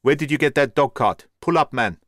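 Male reader playing a hot-tempered, desperate man shouting threats, dry and close. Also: medium pitch, normal speed, no echo, lightly acted. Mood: frantic. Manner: shouting, frantic.

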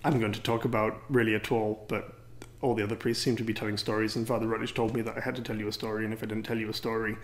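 Wry English priest telling a story. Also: male voice, on the low side, flat delivery, very fast, hardly any pauses. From England. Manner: wry, rambling, self-deprecating. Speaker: priest and teacher. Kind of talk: anecdotal talk to a gathering.

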